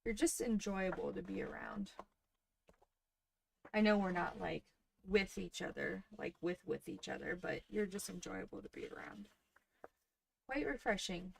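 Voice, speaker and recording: A woman in her thirties hosting a crafting livestream, chatting softly and casually with her viewers while she works. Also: mid-range voice, lively intonation, moderate pace, vocal fry, a little hiss or hum. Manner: soft-spoken, chatty, talks to viewers in the chat.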